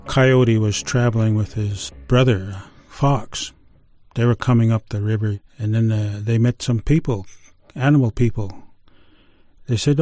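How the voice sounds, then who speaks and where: A middle-aged man telling a traditional creation story in an unhurried, conversational way, with fillers and restarts. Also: on the low side, fairly even intonation, warm tone, no room sound, clean studio sound. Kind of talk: oral storytelling of a traditional tale.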